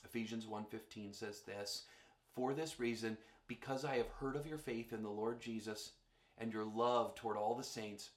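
A man's voice: fairly low pitch, steady tone, normal speed, reverberant. A male pastor preaching a sermon, storytelling and addressing the congregation directly.

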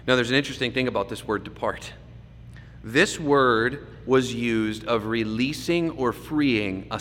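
Guy preaching a sermon, medium pitch, gets loud then drops to a hush, big roomy hall echo. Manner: dynamic preaching, swings from loud emphasis to hushed asides. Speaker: pastor. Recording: echoey hall with faint background noise.

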